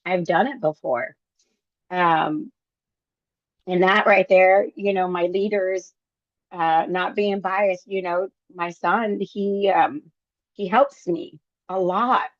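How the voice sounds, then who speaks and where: Middle-aged woman, book club member, slow and reflective with lots of "um"s, lowish voice, slightly muffled dry sound. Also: dry recording. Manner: halting, reflective, many fillers. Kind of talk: casual group discussion.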